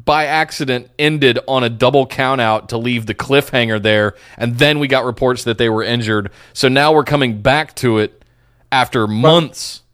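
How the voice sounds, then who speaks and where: Man with a smooth, dry voice. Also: mid-range voice, moderate pace, fairly bright tone, dry recording. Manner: opinionated, hedging. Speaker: podcast co-host. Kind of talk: casual wrestling talk.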